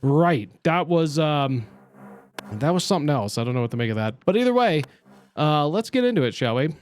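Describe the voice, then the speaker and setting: Young male streamer with a lively, swooping voice, chatty and exclamatory while he plays. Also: fairly high pitch, a little fast, smooth, faint music behind. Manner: animated and chatty, with exclamations and self-talk. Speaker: streamer playing a narrative game. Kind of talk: casual let's-play commentary, reading and voicing game characters.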